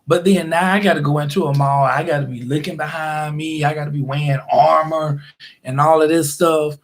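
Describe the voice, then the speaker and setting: Chatty high-voiced man telling stories. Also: steady tone, moderate pace. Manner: chatty, rambling, laughs often, acts out quoted voices. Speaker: YouTube live streamer. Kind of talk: casual storytelling monologue.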